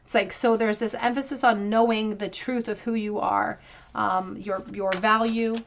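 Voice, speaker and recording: A woman's voice: mid-range voice, fairly even intonation, moderate pace. Earnest woman giving a tarot reading. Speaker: tarot reader. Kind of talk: pick-a-card tarot reading.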